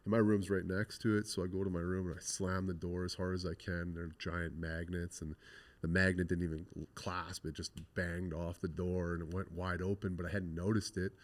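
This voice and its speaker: Low-voiced man telling a blunt, candid story. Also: little pitch movement, normal speed. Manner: blunt and frank, swears freely, retells scenes with quoted dialogue. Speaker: interview guest.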